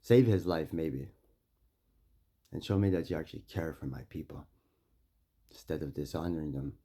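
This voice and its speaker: A man from Saskatchewan, Canada, speaking directly to a mayor and making demands, with confrontational stories that swing between loud and quiet. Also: very deep voice, normal speed, long pauses. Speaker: First Nation community member addressing a mayor. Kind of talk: impassioned direct address and storytelling.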